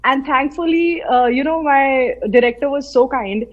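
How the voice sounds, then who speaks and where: A woman's voice: high-pitched, normal speed, dull audio. A woman from central India, a guest in a remote interview, telling a story with animation and quoting remembered voices. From Madhya Pradesh, India. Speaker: guest, film artist. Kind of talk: casual interview. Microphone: remote call from her home city.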